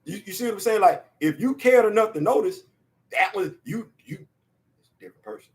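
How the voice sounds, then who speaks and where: Man, high-pitched voice, excitable casual pop-culture host, shouts and laughs. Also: fairly quick.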